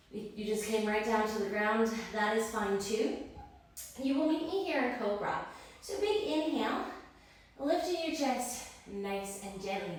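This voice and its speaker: In an echoey room, a woman with a higher voice leads a guided yoga class, sounding far from the mic. The instructor is a little out of breath as she gives encouraging cues and counts breaths.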